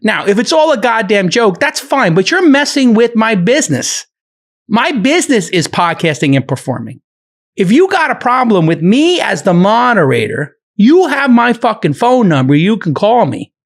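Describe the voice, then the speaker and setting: A middle-aged man moderating a podcast, ranting heatedly in a profane, animated argument. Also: high voice, normal speed.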